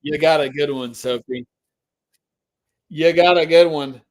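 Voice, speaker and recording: High-voiced man hosting a live giveaway. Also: measured pace. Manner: hypes and drags out suspense, talks to chat. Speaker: live stream host. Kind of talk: live stream giveaway chat.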